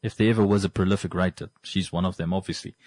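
A man's voice: sits low, steady tone, fast, darkish tone, no echo. A man hosting a casual monologue, rambling and repeating points for emphasis. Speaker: podcast host.

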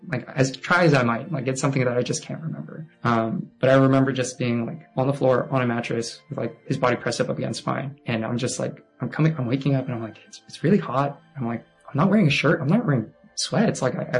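A young man giving a halting, subdued personal testimony, full of fillers and often sinking to a near hush. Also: medium pitch, low-quality recording. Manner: halting and hesitant, heavy with fillers.

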